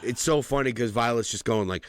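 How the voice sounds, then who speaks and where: A man's voice: mid-range voice, fairly quick, no echo. A man in his forties co-hosting a podcast, telling stories in casual chat, swearing freely and laughing often. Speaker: podcast co-host.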